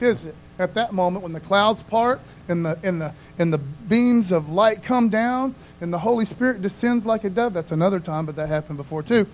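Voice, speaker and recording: A man's voice: sits high, darkish tone, low-quality recording. A male pastor giving a casual, conversational sermon, often tagging his lines with "man" and "you know what I mean".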